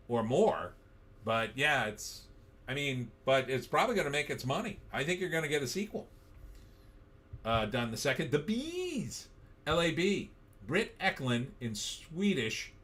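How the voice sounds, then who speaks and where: A middle-aged man runs a casual live stream, reading out viewer comments and riffing on them with wry, offhand humor. His voice is medium in pitch with a slightly bright tone.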